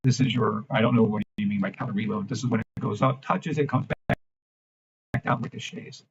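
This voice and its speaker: A man hosting a trading livestream, ranting in a brash, mocking, profane way and swinging between loud outbursts and low mumbling. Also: fast talker, muffled recording, slight background noise. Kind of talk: live-stream rant and chart reading.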